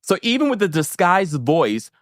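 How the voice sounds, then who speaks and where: Animated man recapping reality TV. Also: normal speed, no echo, studio quality. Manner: animated, jumps into high mocking voices when quoting people. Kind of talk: casual recap commentary.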